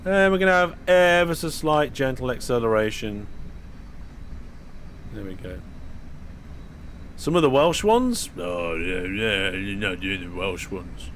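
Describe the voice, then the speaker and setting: Young UK man, chatty live-stream gamer, talks to viewers mid-game, relaxed and rambling. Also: mid-range voice, a little slow, long pauses, slight background noise. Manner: chatty, talks to viewers while playing, frequent fillers and restarts. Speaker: streamer driving a train simulator. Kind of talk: casual live-stream commentary.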